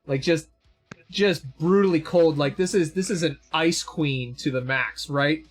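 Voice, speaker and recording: Man, game master, high voice, rambling, lots of fillers, self-deprecating. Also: measured pace, husky, soft background music. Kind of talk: narrating a tabletop game.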